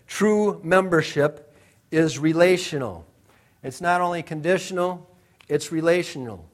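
Brief: male pastor, high voice, punchy repeated lines in a sermon. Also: measured pace. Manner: emphatic, repeats phrases for effect.

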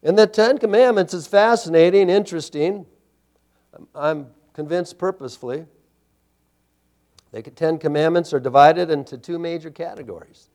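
A man's voice: on the high side, moderate pace, pauses often, a little mellow. A man preaching a sermon, emphatic and building with repeated phrases. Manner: emphatic preaching with rising intensity and repetition. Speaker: pastor.

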